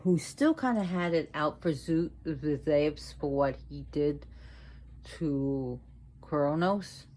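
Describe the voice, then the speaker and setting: A woman presenting a casual educational video at home, talking slowly and deliberately and repeating words for emphasis. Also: low voice, warm tone. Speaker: video presenter on mythology and witchcraft. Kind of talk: casual educational talk to viewers.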